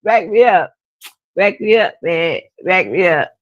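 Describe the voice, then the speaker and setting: A woman co-hosting a casual talk show, speaking, soft-spoken and playful. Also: on the low side, animated, measured pace, no room sound, lo-fi sound. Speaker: podcast co-host. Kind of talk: casual chat.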